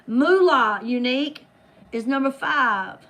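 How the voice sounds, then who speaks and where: A woman's voice: high-pitched, lively intonation, slow, a bit bright, a little hiss or hum. A woman hosting a casual trivia game with friends. She reads out questions and answers in a playful, teasing way. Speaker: game host.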